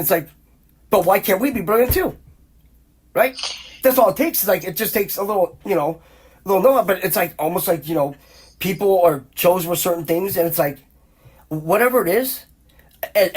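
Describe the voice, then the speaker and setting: Man, podcast host, husky, heated, profane, rambling. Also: high-pitched. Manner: repeats exclamations in rising bursts. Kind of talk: casual podcast rant.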